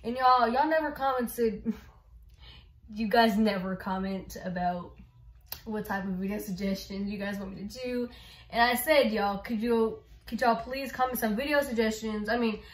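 A woman's voice: a little high, moderate pace. Chatty young woman vlogging, roomy sound. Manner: chatty, rambling, lots of fillers. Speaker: YouTuber. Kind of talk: casual vlog chat. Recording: roomy with background music.

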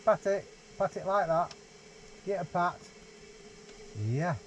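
A young father reads a storybook to his baby, his voice lilting and sing-song. He speaks a touch higher than most men. It was recorded on a camera inside a small caravan, with a faint hiss underneath. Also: fairly even intonation, slow. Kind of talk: reading a picture book aloud to a baby. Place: small holiday caravan, indoors. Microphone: 360 VR camera nearby.

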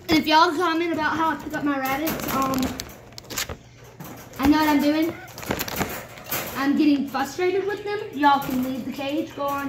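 A young woman vlogs casually at home while cleaning a rabbit cage, rambling and playfully scolding her pets. Her voice is high-pitched, at a moderate pace with long pauses. Loud background noise runs under the recording.

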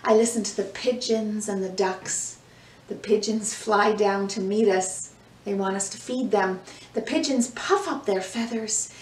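A woman reading a picture book aloud to young children, slow and gentle, acting out the sounds, then leading breathing and movement. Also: medium pitch, a little hiss or hum. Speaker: children's yoga and mindfulness teacher. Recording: echoey room, mic at a distance, soft music.

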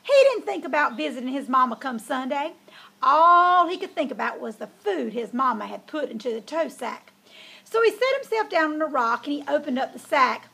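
A woman's voice: high voice, sing-song, normal speed, vocal fry, bright, forceful tone, a little hiss or hum. A woman reading a children's story aloud in a folksy, drawling way.

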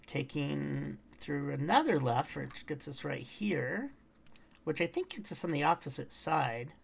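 Her low-pitched voice is husky and expressive, with vocal fry and a slightly slow pace, as she streams a game walkthrough. She talks casually to her in-game pet and her viewers, now and then humming or singing snatches.

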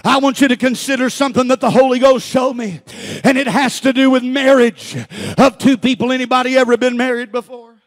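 A man preaching a sermon as pastor, often shouting, with a steady "uh" between phrases. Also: extremely high pitch, brisk. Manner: shouting, preachy cadence with frequent "uh" fillers.

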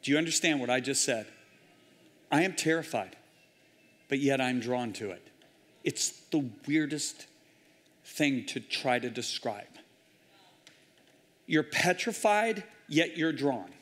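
A man preaching a sermon, telling a story with intense drama and sudden loud bursts. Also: medium pitch, lively intonation, slow pace, long pauses. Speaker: guest preacher. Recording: hall reverb in a large church.

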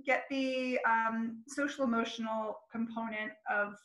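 A woman's voice: a little high, steady tone, measured pace, a bit bright, echoey room, low-quality recording. A woman school counselor talking casually about her work in an interview, friendly and chatty. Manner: friendly, chatty, laughs easily.

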